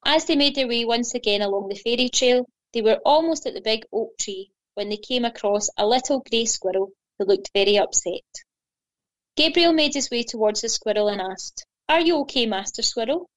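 A woman gently and expressively reading a children's fairy story aloud. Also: a little high, moderate pace, rough recording.

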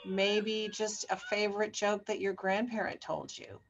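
A woman's voice: medium pitch, fairly even intonation, a little slow, gravelly, muffled recording. A woman co-hosting a podcast in casual chat, probing with questions. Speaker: podcast co-host.

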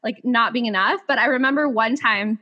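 A woman hosting a podcast, telling a personal story in casual chat, animated and full of "like". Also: a little high, brisk, lo-fi sound. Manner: animated, filler-heavy "like" talk. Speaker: podcast host.

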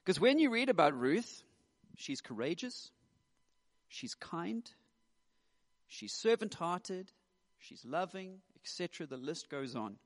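A pastor in his thirties preaches in a chatty, joking way. His voice is on the higher side for a man and carries a long echo, as in a large church. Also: very animated, takes it slowly, long pauses. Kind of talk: sermon. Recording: echoey hall.

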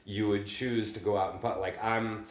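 A man with a very deep voice hosts a podcast and talks casually. He listens a lot and often agrees with quick short replies. The room around him sounds echoey. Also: little pitch movement. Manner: affirming listener, frequent short backchannels. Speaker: podcast host. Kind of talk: casual chat.

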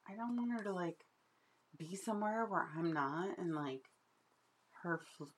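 A woman co-hosting a podcast in casual chat, chatty and quick to laugh. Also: fairly low pitch, animated, a little hiss or hum. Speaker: podcast co-host.

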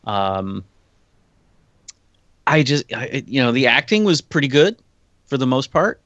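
American man, podcast guest, meandering delivery, mid-pitched, dry close mic. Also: big pitch swings, unhurried, fairly bright tone, no echo, lo-fi sound. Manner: rambling, searching for words. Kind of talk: casual podcast chat.

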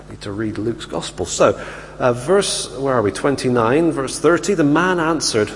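A man preaching a sermon, telling the story in a lively way and acting out the voices of the people in it. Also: medium pitch, unhurried. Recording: hall reverb with faint hum.

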